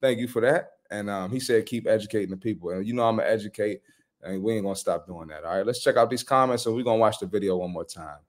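A man's voice: fairly low pitch, fast talker. A man, a personal trainer, hosting a live reaction stream with blunt, profane, slangy commentary.

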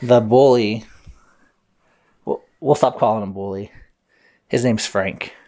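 A man's voice: lowish voice, slow, dark tone. A man improvising a bedtime story aloud, playful, with silly sound effects.

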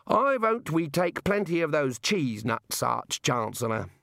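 A man's voice: on the high side, sing-song, a little slow, vocal fry, fairly bright tone, no room sound, studio quality, pitched above the performer's own voice, exaggerated voice. A man doing a plodding old wizard scholar. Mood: matter-of-fact.

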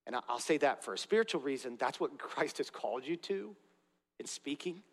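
A man's voice: mid-range voice, lively intonation, fairly quick. Earnest preaching man in a reverberant hall. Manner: earnest preaching with conversational asides. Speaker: pastor. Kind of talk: sermon. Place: church sanctuary. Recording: long reverb of a large hall.

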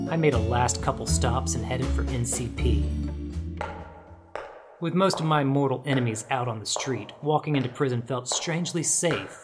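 An actor playing a wisecracking hard-boiled male detective, narrating in a wry, deadpan noir comedy style. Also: medium pitch, lightly acted.

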